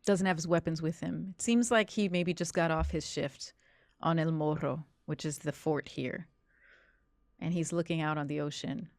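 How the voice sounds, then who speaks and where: A woman narrating a horror tabletop game as game master, deliberate and descriptive. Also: deep voice, steady tone, darkish tone, no echo, clean studio sound.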